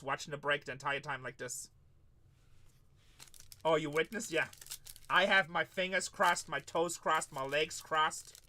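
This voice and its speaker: A man hosts a live card break stream, calling out each player as it comes and chatting with viewers between pulls. His voice sits high and sounds very bright and forceful. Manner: hyped, calls out pulls and chats with viewers.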